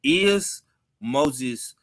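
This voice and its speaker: A man's voice: mid-range voice, animated, extremely slow, fairly bright tone. A man hosting a boxing podcast in casual chat, steering the talk and stammering when he gets going. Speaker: podcast host.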